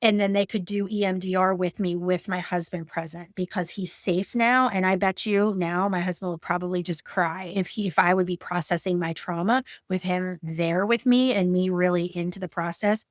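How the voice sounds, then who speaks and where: A woman's voice: fairly low pitch, no room sound, studio quality. A woman coach teaching about couples work after betrayal, talking in a conversational way with fillers and acted-out quotes. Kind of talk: educational talk with personal examples.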